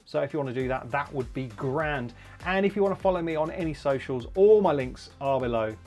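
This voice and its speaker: A man's voice: mid-range voice, animated, fairly quick, a little mellow, faint music behind. Chatty man reviewing gear. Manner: rambling, with many fillers and restarts. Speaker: tech reviewer. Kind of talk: casual review vlog.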